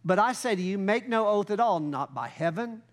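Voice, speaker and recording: A man with a high, light voice preaching to his congregation. He slows down to read scripture and grows louder and higher when he presses his point. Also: lively intonation. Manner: earnest preaching, rises in pitch and volume when fired up, slows down for scripture. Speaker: pastor. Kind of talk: sermon.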